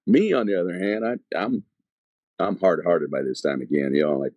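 A man's voice: low voice, fairly quick, a little mellow, no echo. A man, an evangelist, telling his conversion testimony in casual, slangy talk full of fillers and restarts.

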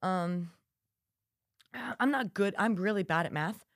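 A young woman, a college student, co-hosts a podcast in a mid-range voice with vocal fry, speaking slowly. The studio-quality recording has no room sound. She chats casually as a storyteller, acting out the quotes in her stories.

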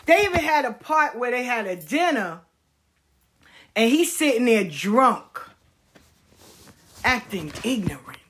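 A woman telling a story in a casual, animated way, full of slang and emphasis. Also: fairly high pitch, a little slow, a little hiss or hum.

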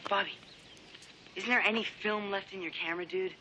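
An actor playing a wisecracking, mocking high school boy in a film scene. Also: fairly even intonation, fairly quick, natural voice. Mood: coaxing. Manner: jokey, teasing, then soothing. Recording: film audio with faint background noise.

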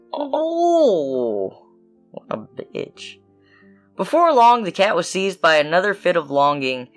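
A woman's voice: on the low side, big pitch swings, slow, soft background music. A woman reading fairy tales on a podcast and cutting in with blunt, laughing asides. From Southern United States. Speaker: podcast co-host, reader.

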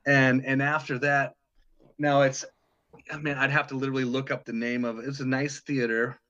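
The sound is lo-fi, and the voice is mid-range with a level, sharp tone at a moderate pace. A middle-aged touring guitarist from Detroit spins stories in a casual interview, meandering, backtracking often and cursing once in a while.

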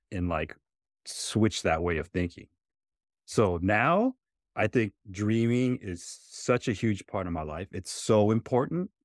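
Low-voiced man telling a story. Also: no room sound, clean studio sound. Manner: reflective, many fillers like "right?" and "you know". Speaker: podcast co-host. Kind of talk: casual storytelling chat.

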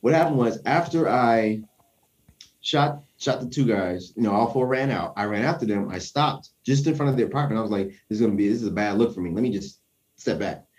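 A man's voice: on the low side, fairly quick, darkish tone. A young man telling a story in casual conversation, acting out the quoted voices and chuckling often.

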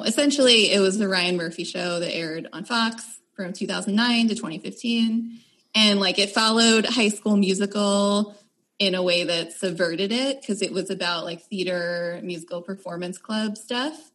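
A woman's voice: medium pitch, fairly bright tone. A woman hosting a podcast in a casual, chatty way with lots of fillers. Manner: chatty, filler-heavy, upbeat. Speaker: podcast host.

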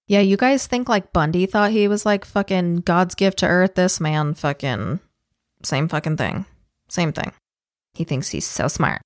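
A woman's voice: lowish voice, a little slow, no room sound, studio quality. A woman co-hosting a podcast, telling a true-crime story in a casual, profane, chatty way and laughing easily. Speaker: podcast co-host.

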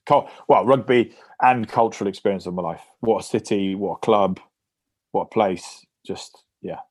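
A man with a fairly low voice speaks in a casual podcast interview. He tells his stories in a lively, anecdotal way. The sound is dry and close, with no room around it. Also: moderate pace, slightly rough, dry recording. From England. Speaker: guest, former rugby player.

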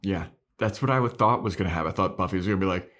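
A man's voice: low-pitched, racing, a bit bright. A man co-hosting a podcast, chatting casually and retelling scenes with lots of fillers. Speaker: podcast co-host. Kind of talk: casual chat.

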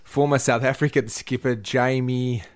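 A man's voice: medium pitch, fairly even intonation, normal speed. A man, a podcast co-host who laughs often and teases in casual banter.

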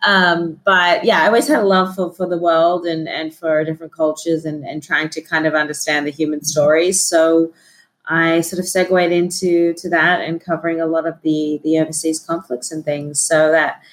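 An Australian woman with a notably low voice tells her story as a podcast guest. She talks in a relaxed, chatty way and laughs easily. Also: moderate pace. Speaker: guest journalist. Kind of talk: casual interview chat.

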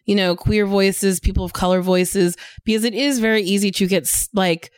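A woman guest on a podcast in casual chat, animated and self-deprecating, laughing easily. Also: medium pitch, moderate pace, smooth, no echo.

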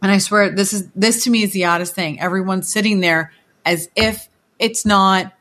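A woman, co-hosting a casual political chat and telling lively stories. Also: medium pitch, moderate pace. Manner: animated storytelling, acts out others' voices in quoted bits.

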